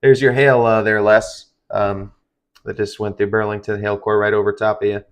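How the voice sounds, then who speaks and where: A man with a somewhat low voice hosts a live stream covering severe storms. He sounds tired and talks loosely, wandering through his points with plenty of ums and restarts. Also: level tone, normal speed, smooth. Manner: rambling, filler-heavy, conversational. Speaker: livestream weather host.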